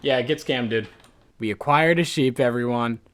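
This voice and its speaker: A man's voice: medium pitch, normal speed, a bit bright, a little hiss or hum. A young man from Ireland narrating and commenting on his gameplay in a joking, self-deprecating way. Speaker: gaming video host.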